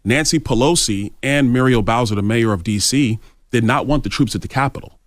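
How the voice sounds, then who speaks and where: A man's voice: medium pitch, fairly quick, no echo, clean studio sound. A male congressman guest answering interview questions in an assertive, argumentative way. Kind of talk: radio interview.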